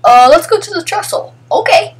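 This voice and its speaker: A woman's voice: extremely high pitch, lively intonation, normal speed, far from the mic. Chatty young woman narrating her clips. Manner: rambling and chatty, narrating what friends do and acting out their lines. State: sleepy, just woke up. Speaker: vlogger. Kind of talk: casual voice-over commentary on video clips.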